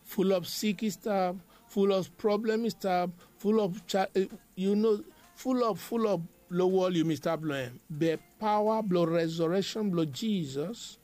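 A high-pitched man preaches a devotional sermon. He drives his points home with emphatic, repetitive phrases in a chanting rhythm. Soft music plays faintly underneath. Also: unhurried.

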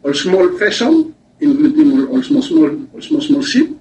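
A man, a weather official giving a halting news interview with rising emphasis. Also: sits high, big pitch swings, a little mellow. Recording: dull distant clip with faint noise.

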